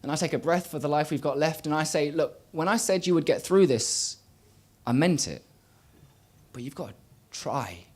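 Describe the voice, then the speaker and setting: A young man performing a spoken word poem on a small stage, rhythmic, swinging from loud bursts to quiet murmurs. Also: on the high side. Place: small live venue stage.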